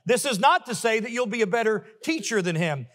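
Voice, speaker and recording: A male pastor preaching a sermon emphatically, building to forceful refrains. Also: sits high, lively intonation, brisk, in a large hall. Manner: emphatic, rising to forceful peaks with repeated refrains. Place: church sanctuary.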